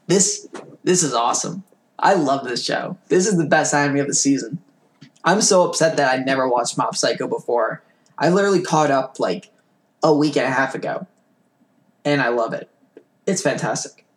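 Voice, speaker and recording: A young adult co-host with a mid-range voice chats casually about anime. The delivery is enthusiastic and emphatic, heaping praise in quick bursts. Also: medium pitch, animated. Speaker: podcast co-host.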